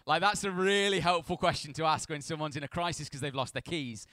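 A man's voice: fairly high pitch, brisk, sharp tone, dry recording. A man, a pastor, reads a Bible passage aloud and then preaches in a chatty, self-deprecating storytelling way. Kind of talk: scripture reading and sermon.

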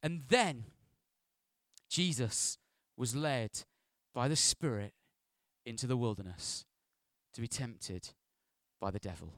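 A man preaching a sermon as pastor, animated, dropping to hushed asides and rising to loud, playful bursts. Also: medium pitch, slow, pauses often, no echo, studio quality.

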